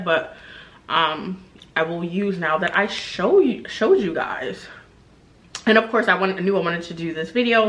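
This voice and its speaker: A young woman talks casually to camera in a beauty haul vlog, full of asides to her viewers. Her voice is bright and forward at an average pitch. The feel is relaxed and enthusiastic, like showing off favorite purchases. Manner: chatty and enthusiastic, many fillers and asides to viewers. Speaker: beauty and luxury vlogger.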